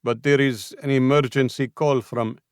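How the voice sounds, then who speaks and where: A man's voice: medium pitch, fairly even intonation, normal speed, a little mellow, clear, resonant tone, no echo, studio quality, voice pushed up, natural voice. Man doing a burly Russian guard with a thick accent. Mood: apologetic, urgent. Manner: apologetic but urgent. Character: burly shaved-head male Russian guard.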